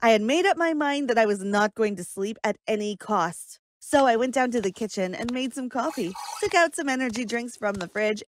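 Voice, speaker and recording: A woman's voice: on the high side, expressive, normal speed, few pauses, slight background noise. A woman reading a scripted first-person story with earnest, dramatic delivery. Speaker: story narrator.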